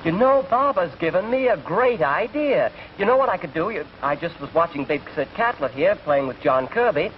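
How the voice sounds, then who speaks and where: A man's voice: on the high side, expressive, normal speed, hardly any pauses, lightly acted. An English man playing a touring comedian, chatting and telling jokes in 1940s film comedy dialogue. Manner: chatty joke-teller, laughs at own jokes. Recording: dull hissy 1940s film sound.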